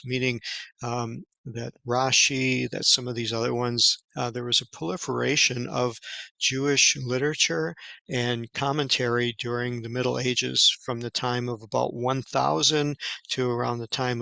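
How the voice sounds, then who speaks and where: A man giving an informal Bible study lesson, talking in a casual, halting way with many fillers and restarts. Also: mid-range voice, creaky, sharp tone, no room sound, poor audio. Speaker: Bible teacher.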